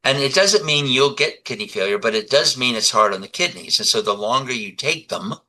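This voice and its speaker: A man in his seventies, a guest in a conversational interview, telling animated stories and acting out the dialogue. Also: mid-range voice, a little fast, low-quality recording. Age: 70s. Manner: animated storyteller who acts out dialogue.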